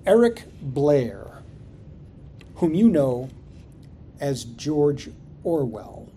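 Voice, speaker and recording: A male pastor delivers a sermon with an animated, rising-and-falling delivery and a mellow, warm tone. He often turns questions on his listeners. A faint low rumble sits under the recording. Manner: expressive, rhetorical, asks questions of the congregation.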